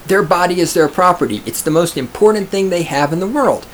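A man's voice: high voice, expressive, fairly quick, slight background noise. A man reading an article aloud and reacting to it in casual commentary, profane and sarcastic, often mocking others in a raised put-on voice.

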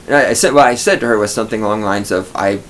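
A man's voice: lowish voice, racing, fairly bright tone, a little hiss or hum. A middle-aged man from Texas, hosting a podcast and telling a scornful, profanity-laced story as a ranting monologue. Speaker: podcast host.

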